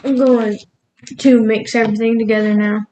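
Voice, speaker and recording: A woman's voice: a little high, little pitch movement, normal speed, mellow, highs cut off, a little hiss or hum. Rambling woman chatting while cooking. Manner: rambling, laughs at herself. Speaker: cooking vlogger. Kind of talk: casual cooking vlog chat. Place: home kitchen.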